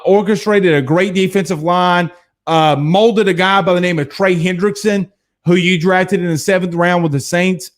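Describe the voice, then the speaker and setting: Man, sports show host, high voice, animated, blunt, chatty. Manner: animated storyteller, hums drum beats, blunt. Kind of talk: casual live-stream chat reading viewer comments.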